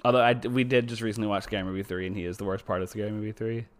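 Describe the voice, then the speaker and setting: A man co-hosting a podcast in casual chat, excitable, swearing and trailing off mid-sentence. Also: lowish voice, racing. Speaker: podcast co-host.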